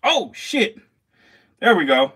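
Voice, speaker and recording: A lively man curses his way through feeding snakes in a casual vlog, speaking to a handheld camera he occasionally puts down. His voice is high and breathy, and he takes it slowly. He laughs at his own jokes and talks to the snakes and mice as he works.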